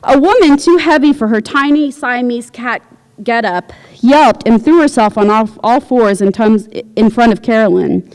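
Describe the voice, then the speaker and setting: A woman reading her own fiction aloud at a university, with a wry, deadpan delivery. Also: a little high, moderate pace, long reverb tail. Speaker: visiting writer. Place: university lecture hall.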